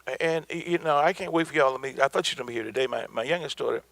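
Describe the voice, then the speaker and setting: A man's voice: mid-range voice, very fast, vocal fry, fairly bright tone, no room sound. A middle-aged man from the American South giving a motivational business talk, emphatic and preacherly, repeating his points for effect. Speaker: business speaker.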